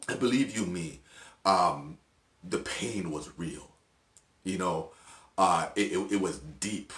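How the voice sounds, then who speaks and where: A middle-aged man sharing his personal testimony in an earnest, halting, emotional way, with restarts and soft laughs. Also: deep voice, roomy sound. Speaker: video host.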